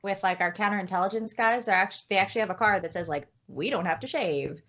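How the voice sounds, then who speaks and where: A woman's voice: medium pitch, quick pace, fairly bright tone, lo-fi sound. A woman co-hosting a podcast, chatting casually in a wry way with plenty of fillers. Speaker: podcast co-host. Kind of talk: casual chat.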